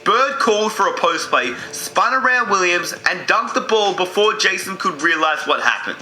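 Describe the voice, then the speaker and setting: A man narrates a scripted sports story with measured, dramatic pacing. His tone is sharp and bright and fairly high. It is recorded with a noticeable roomy echo. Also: lively intonation, faint music behind. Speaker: video narrator.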